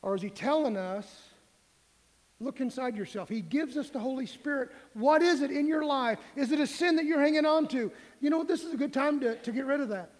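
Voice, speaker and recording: High-voiced preacher in a reverberant church. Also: male voice, fairly quick. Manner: earnest, questioning, plain-spoken. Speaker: pastor. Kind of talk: sermon. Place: church sanctuary. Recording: long hall reverb.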